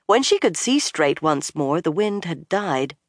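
A measured audiobook narrator with a mid-range voice, reading at an even storytelling pace. The recording is close and completely dry, with no room sound. The delivery stays steady throughout. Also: mid-range voice, dry recording.

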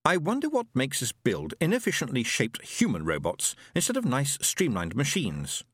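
A man's voice: medium pitch, wildly swooping pitch, moderate pace, fairly bright tone, husky, no room sound, clean studio sound, pitched above the performer's own voice, full character voice. A man voicing an earnest, somewhat awkward young man who speaks hesitantly and with mild bemusement.

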